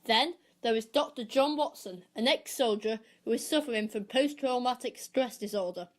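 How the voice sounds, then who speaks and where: A woman co-hosting a film podcast, reading her prepared reviews and recommendations in a steady, measured way. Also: on the high side. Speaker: podcast co-host.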